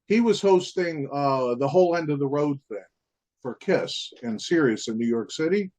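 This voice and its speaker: Rambling, slightly high-voiced male guest. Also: lively intonation, moderate pace, darkish tone. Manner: rambling, filler-heavy, peppered with "man" and "you know". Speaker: guest musician. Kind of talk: casual storytelling in an interview.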